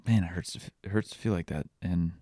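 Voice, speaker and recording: Fast and warm, his low voice is recorded dry at studio quality as this young podcast host talks casually and personally. He opens up with candid, self-mocking anecdotes in a confessional tone.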